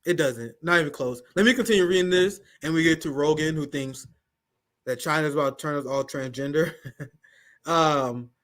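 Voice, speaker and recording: A man's voice: fairly high pitch, moderate pace, a bit bright. A man hosting a political talk stream, reading news aloud and commenting in a loose, slangy way with frequent laughs. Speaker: host.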